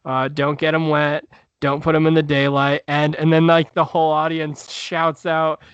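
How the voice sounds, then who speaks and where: A man's voice: a little high, little pitch movement, measured pace, fairly bright tone, clean tone, dry recording, muffled recording. A male stand-up comedian telling a story in a casual podcast chat, rambling with many fillers and restarts.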